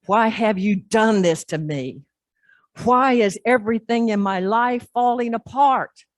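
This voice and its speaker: A woman's voice: a little high, unhurried, dry recording, clean studio sound, voice pushed up, close to an everyday voice. A woman doing a distraught young mother crying out. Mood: anguished. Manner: pleading, anguished crying out.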